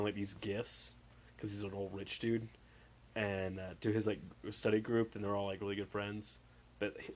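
Animated, profane man telling stories. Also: lowish voice. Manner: excitable, profane, acts out voices. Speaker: tattoo artist. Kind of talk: casual chat.

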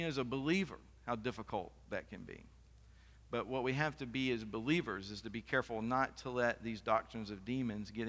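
Pastor preaching in a reverberant hall. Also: male voice, mid-range voice, fairly bright tone. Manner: conversational preaching with off-the-cuff asides. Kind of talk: sermon.

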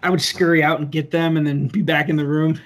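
A man's voice: a little high, steady tone, fast talker. A man co-hosting a casual podcast, recovering from a fever, chatty and full of "like" fillers. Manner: chatty, laughing, many "like" fillers. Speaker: podcast co-host. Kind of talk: casual chat.

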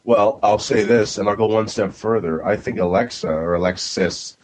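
A man's voice: lowish voice, moderate pace, a little mellow, poor audio. A man co-hosting a casual movie review podcast, blunt and profane, sounding exasperated. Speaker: podcast co-host.

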